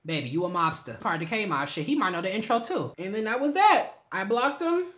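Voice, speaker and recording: A woman's voice: lowish voice, sing-song, fast, fairly bright tone. A young woman in her twenties telling a storytime on her vlog, sassy and blunt, full of slang.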